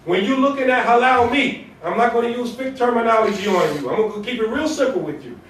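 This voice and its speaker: A man with a very high-pitched voice delivers a fast, animated Friday sermon as imam. He preaches conversationally, in everyday language, leaning on rhetorical questions and repetition. The recording comes from an echoey mosque prayer hall, with him sounding distant.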